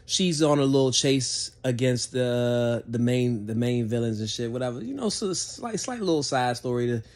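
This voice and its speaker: A man's voice: mid-range voice, expressive, moderate pace. Laid-back, profane man rambling through a review. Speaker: movie reviewer. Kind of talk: casual spoken film review.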